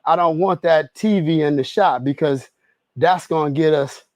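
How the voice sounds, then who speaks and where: A man's voice: on the high side, normal speed, a little mellow, no room sound. A man on a treadmill livestreaming, telling stories in loose slang and laughing easily. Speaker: streamer. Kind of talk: casual livestream chat. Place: home garage gym on a treadmill.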